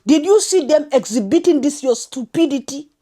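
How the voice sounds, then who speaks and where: A woman's voice: sits high, expressive, moderate pace, dark tone. A woman, scolding and insulting as she rants in a reaction vlog. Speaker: reaction commentator.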